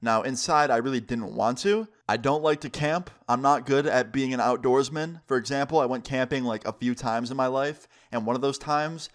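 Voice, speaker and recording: A young man in his twenties tells a storytime on his vlog, loose and casual, full of "like" and the odd swear word. His voice sits at an average pitch with an easy, conversational flow. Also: moderate pace, few pauses. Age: 20s. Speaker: vlogger.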